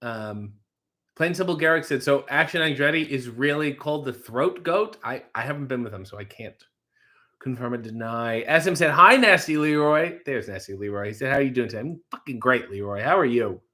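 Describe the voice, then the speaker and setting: Bright-voiced man reading live chat. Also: medium pitch, lively intonation. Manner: swearing, quick asides, reads comments aloud. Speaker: livestream host reading chat. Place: home kitchen.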